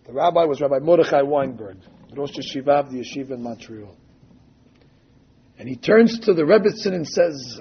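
A man's voice: medium pitch, expressive, normal speed, husky. A man giving a sermon as a religious teacher, telling stories and quoting texts emphatically, drawing out key phrases. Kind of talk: sermon with storytelling. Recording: dull lo-fi recording.

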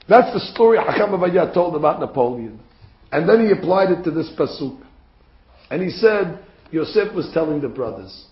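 Animated male Torah teacher, high voice, storyteller; echoey, lo-fi room. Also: normal speed. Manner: animated storyteller, rising to emphatic peaks. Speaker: religious teacher. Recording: roomy, dull recording.

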